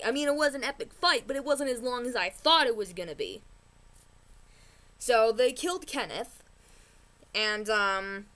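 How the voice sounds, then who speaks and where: A woman vlogger talks through a TV episode in a loose, chatty rant. She keeps jumping back to restart her sentences and is quick to get worked up. Her voice sits at an ordinary middle pitch. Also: a bit bright. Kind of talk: casual TV recap rant.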